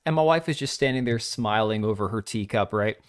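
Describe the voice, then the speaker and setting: A man's voice: on the low side, fairly quick. A middle-aged man hosting his own livestream, tired and sore, chatting loosely, joking, chuckling and swearing casually from a home setup. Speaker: streamer hosting his live show.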